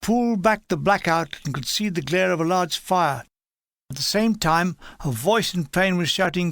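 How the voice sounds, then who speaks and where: An older man reads his own memoir in a gravelly, slightly raised voice. His delivery is dry and wry, plain and matter-of-fact. The recording is close and dead, with no room sound. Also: high-pitched, expressive, normal speed, fairly bright tone, no room sound. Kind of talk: audiobook memoir reading.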